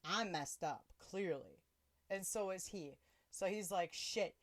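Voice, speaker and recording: Animated woman telling a story. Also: on the low side, a little slow. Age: adult with children. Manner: animated, laughs often, shifts pace. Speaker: podcast host. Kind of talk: casual storytelling.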